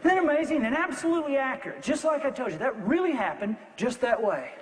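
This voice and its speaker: High-voiced man telling a story in a hall. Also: lively intonation, fast talker, a little hiss or hum. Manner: builds tension, repeats words for emphasis. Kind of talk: dramatic storytelling speech.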